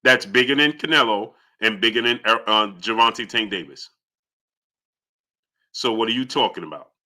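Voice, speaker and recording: A young man hosts a live boxing stream in a very bright, cutting voice. He argues hotly with viewers, and his pitch jumps up when he gets indignant. He talks fast and keeps pushing his point. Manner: heated, argumentative, rising pitch when indignant. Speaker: boxing channel host.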